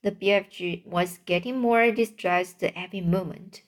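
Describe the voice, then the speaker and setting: A woman reading a children's book aloud, halting now and then to restart words. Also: fairly low pitch. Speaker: reader.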